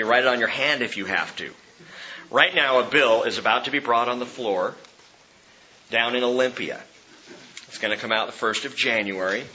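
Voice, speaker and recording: A man's voice: medium pitch, bright, forceful tone, slight background noise. A pastor preaching a sermon to his congregation, earnest and exhorting, laughing at himself now and then. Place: church sanctuary. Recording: dull lo-fi sermon recording.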